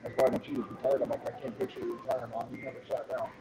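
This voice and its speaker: Middle-aged man, rambling profane host, steady mid voice, loud background hiss. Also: medium pitch, racing, echoey room. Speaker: livestream host. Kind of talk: casual chat. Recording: noisy background.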